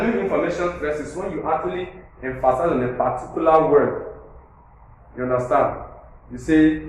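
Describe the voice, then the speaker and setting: A male teacher with a Nigerian English accent, giving a grammar lesson and explaining points with repetition, counting syllables aloud and checking that his students follow. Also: on the high side. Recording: echoey room with faint noise.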